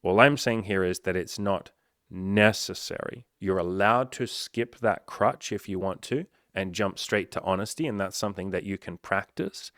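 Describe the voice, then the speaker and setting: A man's voice: sits low, moderate pace, a bit bright, no echo, clean studio sound. A man talking as a dating coach in a casual, blunt monologue full of swearing. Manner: blunt and profane, conversational.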